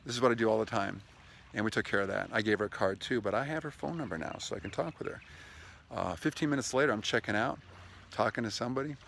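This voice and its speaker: A man's voice: mid-range voice, fairly quick, gravelly, a bit bright, a little hiss or hum. A man casually vlogging outdoors near the water, chatty and enthusiastic, telling stories as he gives sales tips. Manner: chatty, enthusiastic, talks to his dog mid-video. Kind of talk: casual outdoor vlog monologue. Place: outdoors by a lakeshore with lapping waves.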